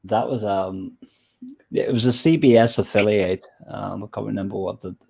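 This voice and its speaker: A man's voice: fairly low pitch, steady tone, moderate pace, creaky, a little mellow, slightly rough. A man chatting casually about old films, rambling and often searching for names.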